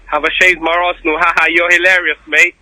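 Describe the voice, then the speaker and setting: A man on a radio call-in, speaking in a high, very bright voice. He is combative and argues back, calling the host mate at every turn. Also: level tone, fast, no room sound, low-quality recording. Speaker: caller.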